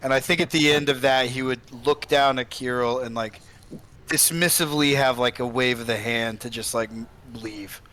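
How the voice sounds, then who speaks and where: Brief: bright, crisp male player, halting casual delivery. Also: medium pitch, fairly even intonation, a little hiss or hum. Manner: hesitant, restarts a lot. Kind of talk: casual tabletop game play.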